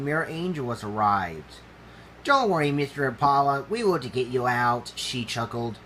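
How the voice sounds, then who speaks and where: A man reading his own animal storybook aloud, halting and ungrammatical. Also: mid-range voice, fairly bright tone, slight background noise, low-quality recording.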